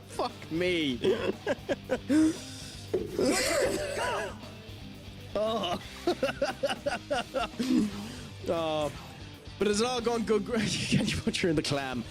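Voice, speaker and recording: A man's voice: sits high, lively intonation, drawn-out words. An Irish man streaming a video game, chatting with viewers, laughing often and swearing as he reacts. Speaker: gaming streamer. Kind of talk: live gameplay commentary chatting with viewers. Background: game music.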